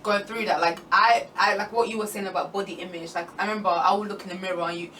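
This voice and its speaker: A woman's voice: medium pitch, steady tone, fast, fairly bright tone. A young woman on a Christian talk panel, talking in a casual, chatty way with lots of "like" fillers. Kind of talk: casual chat. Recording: distant mic, faint room noise.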